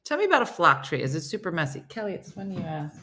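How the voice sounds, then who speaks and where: A woman's voice: fairly low pitch, very animated, fast talker, bright, forceful tone. A woman hosting a casual live-stream chat, reading viewer comments aloud and answering them. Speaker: host.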